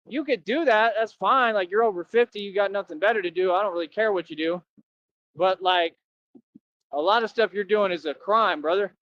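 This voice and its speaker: A man's voice: high-pitched, fairly bright tone, no room sound. A man rambling and bragging in a casual livestream rant, often tacking on "right?". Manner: boastful, rambling, keeps asking "right?". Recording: dull lo-fi dry sound.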